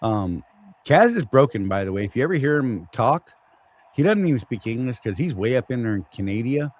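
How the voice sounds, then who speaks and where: A man's voice: medium pitch, big pitch swings, fairly quick, darkish tone, poor audio. Joking Southern man hosting a live chat. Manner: joking, rambling, teasing. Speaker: show host. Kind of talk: casual live-stream chat.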